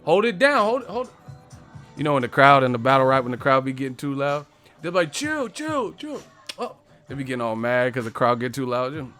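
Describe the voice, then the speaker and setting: A man's voice: mid-range voice, lively intonation, fairly quick, sharp tone, soft background music. A man hosting a casual live stream, playfully rapping his own bars and laughing at them.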